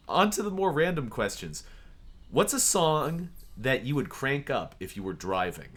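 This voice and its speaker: Male host, casual interview, chatty, laughs a lot, mid-pitched. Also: sing-song, measured pace, fairly bright tone.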